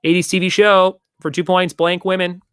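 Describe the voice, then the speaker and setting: Joking trivia host, slightly high voice. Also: male voice, level tone, moderate pace, fairly bright tone, clear, resonant tone, no room sound, clean studio sound. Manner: joking, rambling, reads out viewer comments. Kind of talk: casual live-stream trivia chat.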